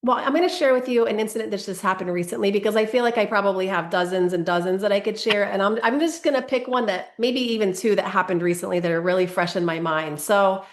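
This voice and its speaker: A woman's voice: mid-range voice, fast talker, hardly any pauses. A middle-aged woman, a parenting coach, telling a candid, self-deprecating personal story in an interview. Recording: echoey room.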